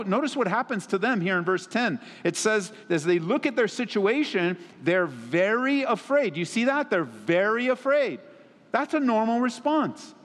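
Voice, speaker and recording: A man preaching a sermon as a pastor, often sinking into low, quiet tones for emphasis. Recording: long reverb of a large hall.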